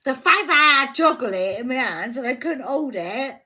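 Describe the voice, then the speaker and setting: A woman's voice: high-pitched, lively intonation, moderate pace, sharp tone. A woman giving a live tarot reading, heated and fiercely protective of her viewer, swearing constantly. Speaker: tarot reader.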